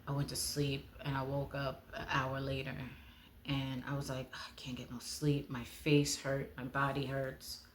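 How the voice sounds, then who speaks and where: A woman giving a personal testimony, speaking in a heartfelt way and often dropping to a hush. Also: a bass voice, completely flat delivery, unhurried, a little hiss or hum. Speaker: speaker sharing her testimony.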